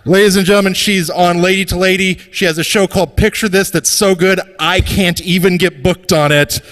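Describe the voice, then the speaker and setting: A man's voice: high voice, fairly even intonation, brisk, a bit bright, big-room sound. A man hosting a live comedy show, telling a rambling, profane, self-deprecating story and introducing acts on stage.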